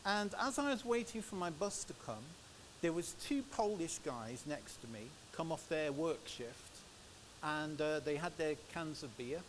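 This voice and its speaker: English guy preaching in church, chatty storyteller, slightly high voice, hissy recording. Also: measured pace, poor audio. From England. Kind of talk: sermon with personal stories. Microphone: microphone. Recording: steady background hiss.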